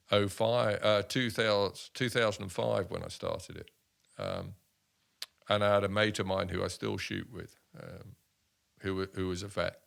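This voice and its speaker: A man in his sixties from the United Kingdom, an army veteran telling stories in an interview, animated and full of restarts. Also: lowish voice, vocal fry. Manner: animated anecdotes with many restarts and voiced quotes. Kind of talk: casual storytelling interview.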